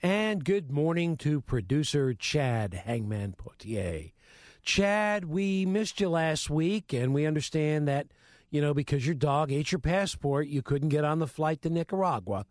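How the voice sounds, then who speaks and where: A man co-hosting a live radio talk show from a studio, speaking in a measured, enthusiastic way. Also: a little high, animated, darkish tone, dry recording. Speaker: radio co-host. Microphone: studio microphone.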